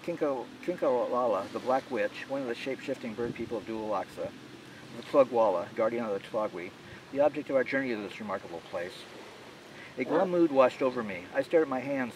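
A male author narrates his own novel in a steady, measured reading. His voice sits in a middle range. The mic is a bit distant with faint noise underneath. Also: medium pitch. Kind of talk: audiobook narration.

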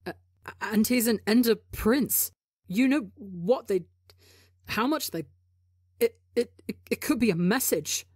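A woman's voice: low voice, steady tone, moderate pace, a little mellow, husky, no room sound, clean studio sound. A woman voicing a frantic young man who stammers in panic over his partner, in an audio story reading. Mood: panicking.

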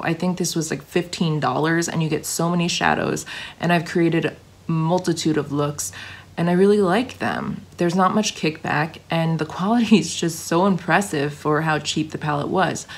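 Girl chatting about makeup, kinda hoarse, low voice, gushy and rambly. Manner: gushing, chatty, restarts often. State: slightly hoarse, getting sick. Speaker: beauty vlogger. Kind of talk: casual product review chat.

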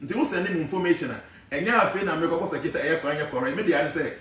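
A man with a Ghanaian accent, giving an animated, preachy talk that wanders from point to point. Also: on the high side, fast talker, heavy reverb, distant mic. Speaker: spiritual teacher. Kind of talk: casual talk mixing English and Twi.

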